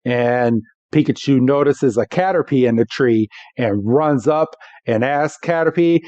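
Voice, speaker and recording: A man co-hosting a podcast, recapping a cartoon episode in an animated, laughing way. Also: medium pitch, a little slow, no room sound, highs cut off. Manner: animated, laughs between lines. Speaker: podcast co-host.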